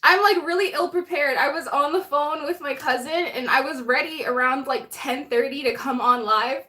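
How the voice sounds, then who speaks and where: A woman's voice: high voice, moderate pace, sharp tone. A woman hosting a casual livestream, chatting and laughing as she greets viewers by name. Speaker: livestream host. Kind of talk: casual live chat with viewers.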